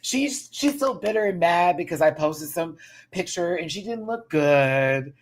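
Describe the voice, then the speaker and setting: A man putting on a catty drag queen who gossips in a hushed, conspiratorial way about a rival. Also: sits high, expressive, a little slow, pitched above the performer's own voice.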